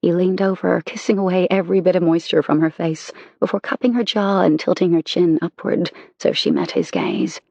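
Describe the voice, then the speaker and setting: An audiobook narrator reading a romance novel in an intimate, measured way. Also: medium pitch, big pitch swings, creaky, dark tone, dry recording, lo-fi sound.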